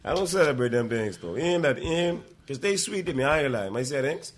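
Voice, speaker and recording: A man's voice: mid-range voice, lively intonation, a little fast, slight background noise. A man with a Bahamian accent co-hosting a casual talk show, joking and slangy. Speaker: co-host. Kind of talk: casual chat.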